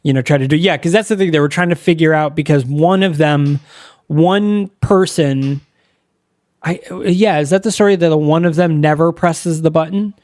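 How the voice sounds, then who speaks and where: Podcast co-host, higher-pitched man, dry close sound, rambling and profane. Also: normal speed, darkish tone, no echo. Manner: rambling, profane, laughs often. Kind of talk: casual movie recap chat.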